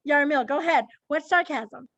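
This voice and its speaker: Female teacher, online lesson, high pitch, creaky edge, keeps quizzing students by name. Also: a little fast, a bit bright, dry recording, lo-fi sound. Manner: questioning, chatty, calls on students by name. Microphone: computer mic on a video call.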